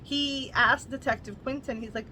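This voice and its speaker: A woman's voice: sits high, fairly even intonation, moderate pace, bright, forceful tone, breathy edge, poor audio. A woman casually recapping and reviewing a novel, chatty, with lots of "like" and blunt asides. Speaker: book reviewer.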